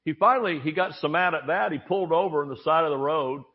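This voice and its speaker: A man preaches with lively storytelling, acting out voices and dropping jokes along the way. His voice sits a little high for a man. The recording sounds dull and lo-fi, like archived church audio. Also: fast, slightly rough. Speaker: pastor. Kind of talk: sermon.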